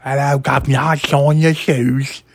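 A man's voice: mid-range voice, level tone, a little slow, slight background noise, voice pushed up, close to an everyday voice. A man putting on an exaggerated mock Cockney accent with a lisp, playing a cheery chimney-sweep from an old film. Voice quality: lisping.

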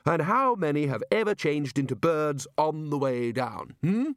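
A man's voice: a little high, sing-song, unhurried, dry recording, studio quality. A man voicing a blustering, bossy male wizard chief who fires off hectoring questions.

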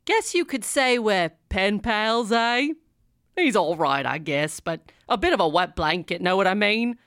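A cheeky, dashing gentleman thief with a British-sounding accent, as a woman acts him out in a comic audio drama. His lively voice bounces up and down as he chatters breezily in slang. The sound is dry and close. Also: medium pitch, unhurried, smooth, no echo. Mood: breezy. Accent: British-sounding put-on accent. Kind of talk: comedic audio drama acting.

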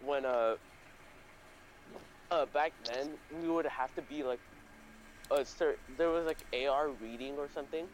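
A man's voice: medium pitch, unhurried, long pauses, slight background noise, poor audio. A young man hosting a casual chat, telling a story in a rambling, profane way with lots of fillers and restarts. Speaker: podcast host.

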